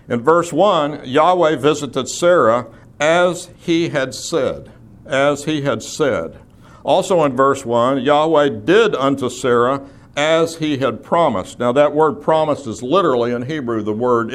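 A male Bible teacher lecturing to a class at a middle pitch. He explains each point patiently and methodically, with the odd filler word.

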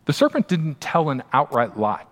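A man, a pastor, preaching a sermon in a conversational, emphatic way, often turning to the listeners with quick asides. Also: fairly high pitch, wildly swooping pitch. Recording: long hall reverb.

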